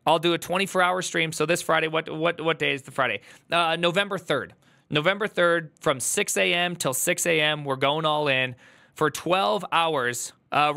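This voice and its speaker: A man's voice: a little high, vocal fry, bright, forceful tone. A male streamer telling an emotional, earnest story to his chat, holding back tears. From United States. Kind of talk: casual livestream chat.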